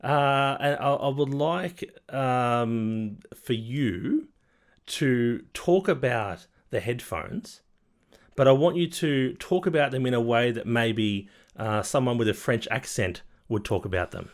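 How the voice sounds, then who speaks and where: Man, podcast co-host, teasing and relaxed, mid-pitched. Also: slow pace. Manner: teasing, easygoing. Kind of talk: casual comedic chat.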